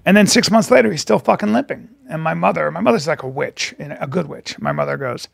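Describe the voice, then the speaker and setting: A man's voice: fairly high pitch, quick pace, creaky, hardly any pauses, no room sound, studio quality. A man co-hosting a podcast, telling profane stories in casual chat and acting out the voices of the people in them. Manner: profane storyteller, acts out quoted voices. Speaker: podcast co-host.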